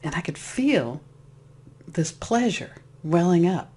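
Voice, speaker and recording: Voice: mid-range voice, slow pace, slightly rough. Chatty spiritual speaker telling a story, restarts a lot, does little voices. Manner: animated, acts out voices in the story; rambling, with frequent restarts. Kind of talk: casual personal storytelling.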